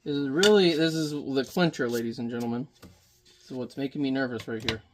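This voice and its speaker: A man's voice: mid-range voice, brisk, background noise. A man in his thirties rambling and joking with mild swearing as he chats casually while painting at home. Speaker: painting vlogger.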